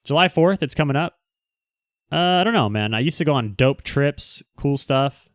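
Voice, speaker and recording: A man's voice: a little high, expressive, moderate pace, no echo, clean studio sound. A man hosting a casual livestream, reading the chat aloud and answering in a brash, teasing, joking way. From Southern California.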